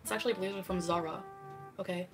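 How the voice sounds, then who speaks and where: A woman's voice: fairly low pitch, fairly even intonation, fast, loud music behind the voice. A woman in her thirties on a casual livestream, defensive and argumentative as she reacts to clips.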